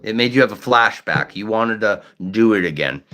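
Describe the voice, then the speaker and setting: A man's voice: on the low side, lively intonation, moderate pace, pushed and bright. Blunt, profane man who stutters. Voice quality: stutters at times. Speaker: livestream host. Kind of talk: casual livestream chat.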